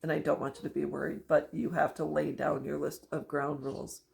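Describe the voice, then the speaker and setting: A woman's voice: low-pitched, little pitch movement, vocal fry, darkish tone, slight background noise. A middle-aged woman telling a personal story and giving emphatic advice to other parents in a monologue. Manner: emphatic, storytelling, lists items deliberately. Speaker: parent vlogger.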